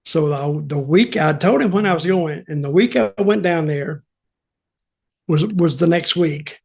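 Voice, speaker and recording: An older man telling a casual story, animated and full of acted quotes and chuckles. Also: a little high, measured pace, gravelly, breathy edge. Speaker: storyteller and show guest.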